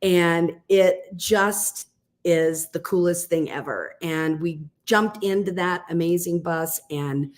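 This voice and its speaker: A middle-aged woman, a guest on a podcast, telling a story in a chatty, animated way with lots of fillers. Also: on the low side, takes it slowly. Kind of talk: casual storytelling.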